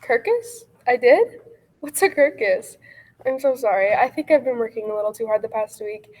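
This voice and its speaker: A woman's voice: fairly high pitch, animated, a little mellow, rough recording. A woman playing a tired, overworked young actress who keeps tripping over her lines and apologizing, speaking over a video call from home. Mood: flustered. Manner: flustered, apologetic, fast self-correcting. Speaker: actress auditioning for a courtroom role. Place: home room.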